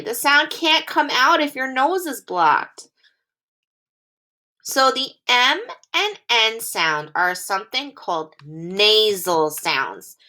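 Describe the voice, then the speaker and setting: A woman teacher giving a phonics lesson to young children, speaking slowly and clearly in a sing-song way. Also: on the high side, pushed and bright.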